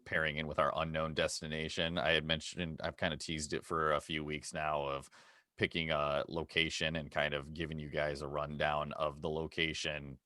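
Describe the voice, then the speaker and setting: A man co-hosting a podcast in casual chat, halting with frequent fillers and restarts. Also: a bass voice, flat delivery, bright, forceful tone, no room sound, studio quality. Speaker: podcast co-host.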